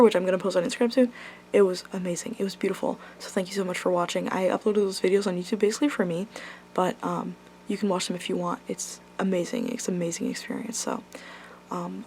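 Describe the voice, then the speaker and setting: A woman's voice: mid-range voice, sing-song, fast, darkish tone, a little hiss or hum. A young woman vlogger telling a concert story in casual, gushing talk, full of ums and likes and casual swearing. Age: young adult.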